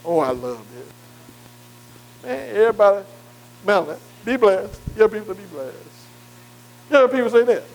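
A man's voice: high-pitched, lively intonation, unhurried, long pauses, low-quality recording. A man preaching a sermon in call-and-response style, emphatic and repetitive, often asking the congregation questions and stretching key words.

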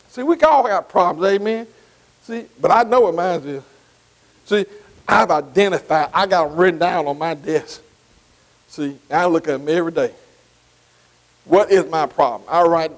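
High-voiced preacher with emphatic cadence. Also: male voice. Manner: emphatic call-and-response, repeating "see" and "amen"; drawn-out, stressed scripture phrases. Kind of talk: sermon. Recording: long hall reverb.

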